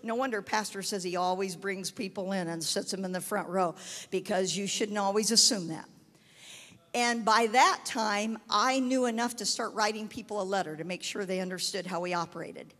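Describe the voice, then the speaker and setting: A woman preacher telling a testimony in a sermon, storytelling and rising to shouted proclamations. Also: medium pitch, normal speed, in a large hall.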